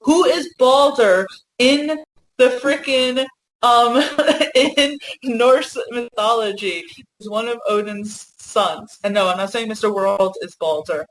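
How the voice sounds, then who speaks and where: A woman co-hosting a fan podcast, talking in an excited, rambling way and swearing freely in a casual discussion. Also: on the high side, takes it slowly, poor audio. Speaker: podcast co-host.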